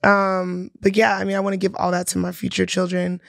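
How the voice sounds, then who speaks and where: Young woman, gravelly voice, reflective, dry close sound. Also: medium pitch, monotone, moderate pace, dry recording. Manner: reflective, thinking aloud. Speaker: podcast co-host. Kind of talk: casual group chat.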